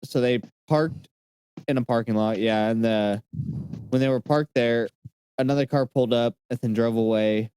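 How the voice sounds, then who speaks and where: A man's voice: mid-range voice, normal speed, mellow, clear, resonant tone, no echo. A man hosting a casual podcast, recounting a case from his notes with frequent "uh" fillers. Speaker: podcast host.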